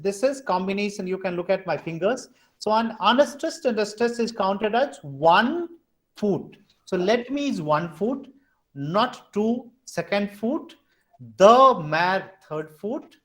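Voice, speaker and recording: A man with an Indian English accent teaching an online class over a video call, patiently repeating and counting things out step by step. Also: sits high.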